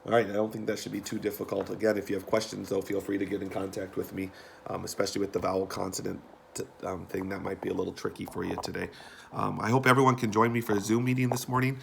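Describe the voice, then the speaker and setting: Gravelly-voiced male teacher. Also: low voice, level tone, quick pace, a bit bright, a little hiss or hum. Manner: patient, repeats himself, many ums and restarts. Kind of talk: recorded classroom instructions for students.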